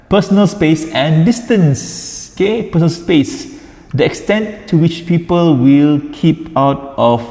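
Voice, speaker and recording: A man's voice: mid-range voice, dark tone. A man with a Malaysian accent teaching a casual class, chatty, repeating words and slipping into Malay. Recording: echoey room with long reverb.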